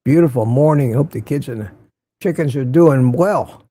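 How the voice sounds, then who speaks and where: A man's voice: mid-range voice, moderate pace, warm tone, breathy edge, no room sound, clean studio sound. An older man hosting a casual morning livestream, greeting viewers by name and making wry asides. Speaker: livestream host.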